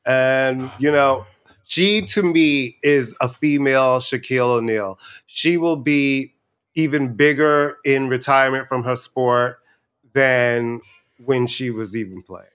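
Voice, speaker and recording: Animated campy man ranting casually. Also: mid-range voice, slow pace, clean tone. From New York. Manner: animated, campy, rants about sports. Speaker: podcast co-host. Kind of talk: casual chat.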